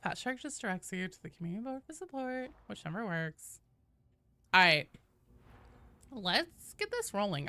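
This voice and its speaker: A woman streams a game, her medium-pitched, sing-song voice pushed and bright at a moderate pace, with no echo. She chats playfully with viewers, swearing and reading the chat aloud.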